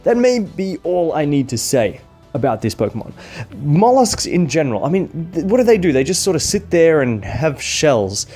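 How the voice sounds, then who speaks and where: A man's voice: on the high side, big pitch swings, moderate pace, mellow, slightly rough, faint music behind. A man hosting a casual countdown vlog, chatting with fan enthusiasm. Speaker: YouTuber.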